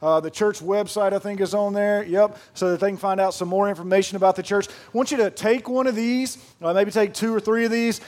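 A man, a pastor preaching a sermon in a folksy, joking storytelling way. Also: high-pitched. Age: 30s.

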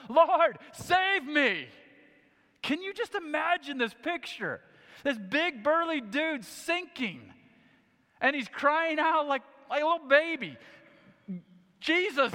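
Male pastor, bright and forceful tone, high voice, animated sermon storyteller. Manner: animated storytelling, acts out quotes. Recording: long hall reverb.

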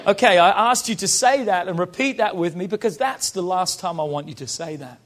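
A man's voice: high voice, lively intonation, fairly quick. A British man preaching as a pastor, rousing and calling on the congregation to repeat lines after him. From Britain. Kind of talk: sermon.

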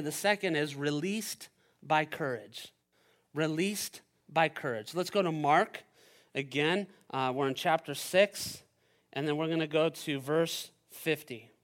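A man preaching a sermon as pastor, animated and playful, swinging between loud urgency and quiet emphasis. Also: a little high. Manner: playful asides and silly voices for the disciples.

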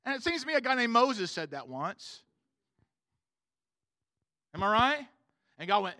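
A man preaching with a very high, bright and forceful voice. His delivery is loose and slangy, full of asides, and he keeps turning to the congregation for agreement. The sound is close and dry. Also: sing-song, unhurried, long pauses, no room sound. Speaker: pastor. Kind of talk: sermon. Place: church room with a congregation.

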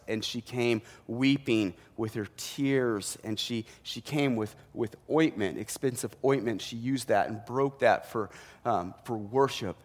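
Man, pastor, conversational sermon, self-correcting asides, reverberant sanctuary. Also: mid-range voice.

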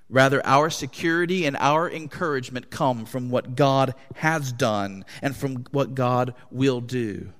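Impassioned preacher in a reverberant hall. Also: male voice. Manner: impassioned preaching with wide swings in pitch and loudness. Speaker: pastor. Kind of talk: sermon. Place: church hall.

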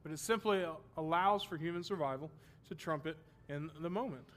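Male Bible teacher, slightly high voice, lecture style, checks in with students. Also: brisk, fairly bright tone. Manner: explains terms, checks if students follow; self-deprecating humor.

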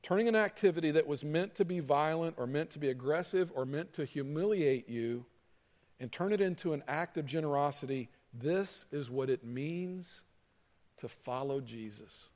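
A man's voice: a little high, lively intonation, moderate pace, a little mellow. A man preaching a sermon as pastor, talking in a conversational way and acting out quarrels between people. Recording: hall reverb.

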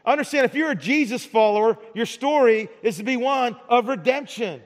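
Speaking at a moderate pace in an extremely high pitch, this middle-aged man preaches like he's having a conversation. He often says words twice and tacks "right?" onto his lines, all echoing through a big hall.

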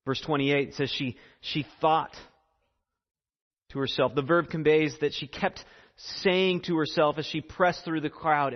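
The recording is muffled and dull, with a long hall echo around a pastor's high voice. He preaches earnestly, repeating phrases and pausing for dramatic effect.

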